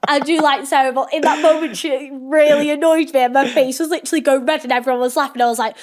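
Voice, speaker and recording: A chatty young woman with a high voice tells stories as a podcast guest. She acts out quoted lines, giggles often and keeps saying "like". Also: fairly even intonation, fast talker, few pauses, a little mellow. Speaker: podcast guest, former reality show contestant. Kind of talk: casual storytelling chat.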